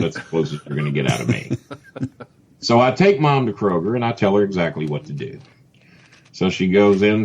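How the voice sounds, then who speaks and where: Husky-voiced man spinning a wild yarn. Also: sits low. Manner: animated, mimics voices, laughs often. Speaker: podcast guest telling a story. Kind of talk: casual storytelling.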